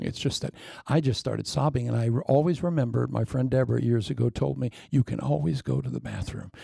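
A man preaching a sermon, telling a story with lively asides, acted-out lines and sound effects. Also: medium pitch, vocal fry, husky, no echo.

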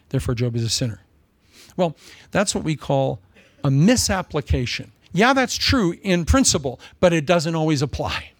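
Animated, wide-ranging male preacher. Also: fairly high pitch, no room sound. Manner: animated, humorous, conversational, with repetitions. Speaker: pastor. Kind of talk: sermon.

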